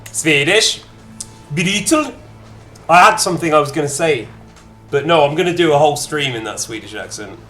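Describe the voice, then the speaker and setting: A man's voice: a little high, fairly bright tone. A man streaming a strategy game, chatting casually and reacting in short bursts to chat and menus. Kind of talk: casual gameplay commentary.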